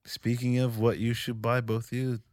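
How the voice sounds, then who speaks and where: A man co-hosting a podcast in casual chat, quick asides and frequent laughter. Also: mid-range voice, little pitch movement, darkish tone, no echo, clean studio sound. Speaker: podcast co-host.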